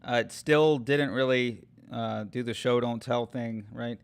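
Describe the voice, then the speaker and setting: A man's voice: mid-range voice, fairly even intonation, a little slow, gravelly, clear, resonant tone. A man streaming as he tests AI story tools, chatting casually and thinking aloud with many fillers and restarts. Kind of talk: casual chat.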